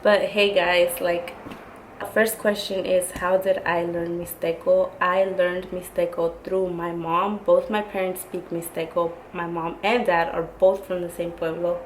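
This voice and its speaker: Chatty woman in her twenties, lower-pitched. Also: level tone, a little slow, a little hiss or hum, rough recording. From Oaxacan family, raised in the US. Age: 20s. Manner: chatty, lots of "like" fillers, mixes in Spanish. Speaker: YouTuber. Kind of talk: casual vlog chat.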